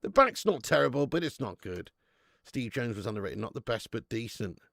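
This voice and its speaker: Gravelly, sweary bloke hosting a watch-along. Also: male voice, mid-range voice, very animated, brisk, fairly bright tone, dry recording, clean studio sound. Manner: sweary, laughing banter with chat. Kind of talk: live football watch-along chat with viewers.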